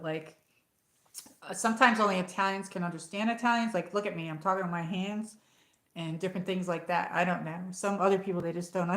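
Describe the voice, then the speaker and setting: On a casual livestream, a woman with a medium-pitched, pushed, bright voice rambles through viewer comments with plenty of fillers. The room is echoey and the recording quality is low.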